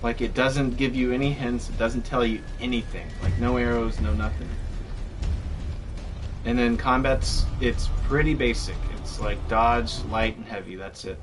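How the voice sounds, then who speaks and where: A man's voice: medium pitch, steady tone, normal speed, music in the background. A young man chatting casually while streaming a game, rambling with lots of fillers. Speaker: gameplay streamer. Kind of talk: casual chat while gaming.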